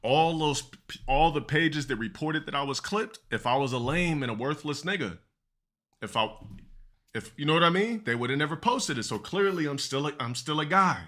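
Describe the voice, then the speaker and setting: A man's voice: fairly high pitch, lively intonation, normal speed, fairly bright tone, slight background noise. A man chatting casually on a live stream, profane and boastful, laughing between remarks.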